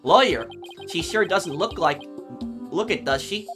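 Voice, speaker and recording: A man's voice: high voice, lively intonation, unhurried, music in the background. A man voicing a drowsy, clueless young defendant. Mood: confused.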